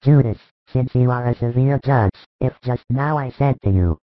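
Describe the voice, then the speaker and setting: A calm, patient spiritual master, played by a man gives measured instruction in a religious audio drama. His voice sits at an ordinary male pitch. The sound is thin, phone-like and dry. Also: no room sound, close to an everyday voice. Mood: calm teaching. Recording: tinny phone-like dry recording.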